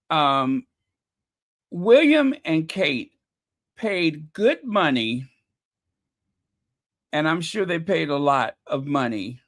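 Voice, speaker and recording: A man with a slightly high, fairly bright voice hosts a casual live commentary stream. He's chatty and exasperated, thinking out loud as he talks to his viewers.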